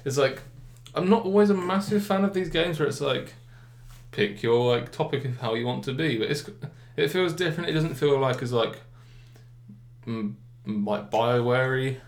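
A young man chatting casually about games, rambling with lots of fillers and clear enthusiasm. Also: mid-range voice, moderate pace. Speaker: gaming podcast co-host. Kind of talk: casual chat. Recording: echoey room.

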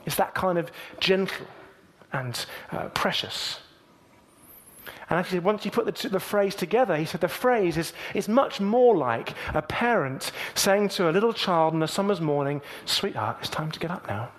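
Guy preaching a sermon, kinda high voice, earnest, goes loud then real quiet. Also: animated, moderate pace. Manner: earnest, swings between emphatic and hushed.

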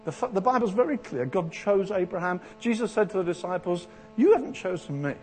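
A man preaching a sermon in a church, animated, acting out the voices of people in Bible stories. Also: sits high, fairly quick, faint music behind. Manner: animated, acts out Bible voices with rising intensity.

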